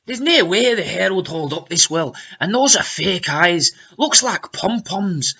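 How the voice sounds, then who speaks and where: A man's voice: sits high, animated, unhurried, gravelly, pushed and bright, husky, muffled recording, voice pushed up, full character voice. A man voicing an indignant woman commenter in a put-on Scottish accent. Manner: indignant, reading aloud in put-on voice.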